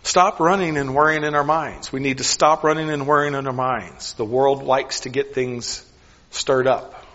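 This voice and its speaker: A man preaching a sermon in an earnest, questioning way, often dropping his voice softly on key lines. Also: mid-range voice, steady tone, moderate pace, long reverb tail, dull audio.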